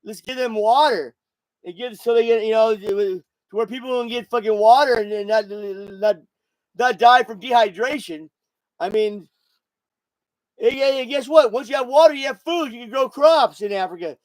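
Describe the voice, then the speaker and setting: Here a podcast host, a man in his sixties, talks in a high voice at normal speed. He's intoxicated, so his casual monologue wanders, gets profane, and circles back on itself. No room sound is audible, and the recording quality is low.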